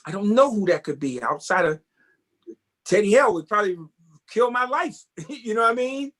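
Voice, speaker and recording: A man, a tap dancer and guest, telling casual stories in an animated way and often asking "you know what I mean?". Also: high-pitched, moderate pace. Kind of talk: casual interview storytelling.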